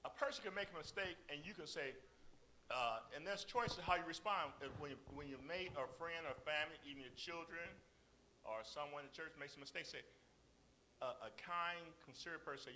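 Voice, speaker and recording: A man leading a church marriage session, teaching the congregation in a lively, questioning way and acting out how people talk. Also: a little high, fairly quick, slight background noise, poor audio. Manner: animated, acts out quoted speech in sharp voices.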